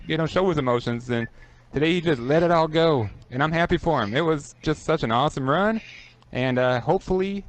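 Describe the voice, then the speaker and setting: Earnest, slightly high-voiced podcast guy. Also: fairly quick. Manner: earnest, a little choked up. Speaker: podcast co-host. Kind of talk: casual sports podcast chat.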